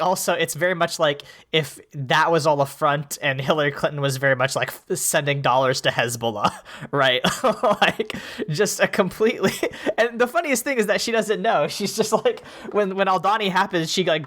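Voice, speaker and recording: A woman's voice: low voice, fairly bright tone. A woman co-hosting a podcast in casual chat about a TV show, rambling and jokey with mock quotes. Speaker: podcast co-host.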